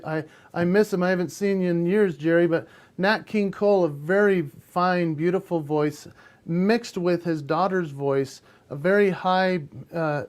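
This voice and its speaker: A male impressionist as an interview guest, telling stories animatedly in a casual chat. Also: sits high. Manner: animated storyteller, bursts into sung bits.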